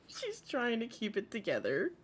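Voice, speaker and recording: A woman's voice: a little high, huge pitch swings, normal speed, husky. A woman hosting a casual commentary livestream, chatty and gossipy, swearing freely and greeting viewers by name. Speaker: livestream host.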